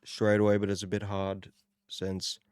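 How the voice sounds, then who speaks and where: A young Australian man with a relaxed, rambling manner, talking casually while opening trading cards. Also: on the low side, normal speed, clear, resonant tone, no echo, studio quality. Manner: relaxed, rambling, self-deprecating. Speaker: card-opening channel host. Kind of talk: casual card-opening commentary.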